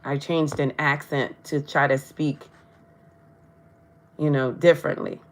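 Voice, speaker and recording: Brief: woman tarot streamer, lower voice, chatty, tongue-tied. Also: steady tone, a little slow. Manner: stumbles over words, tongue-tied; chatty, addresses viewers directly. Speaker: tarot reader. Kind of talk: live-stream tarot reading.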